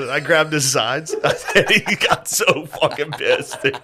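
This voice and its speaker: A man's voice: mid-range voice, normal speed, background noise. A young man telling funny family stories on a podcast, swearing freely and laughing through them. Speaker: podcast host. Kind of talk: casual comedic storytelling.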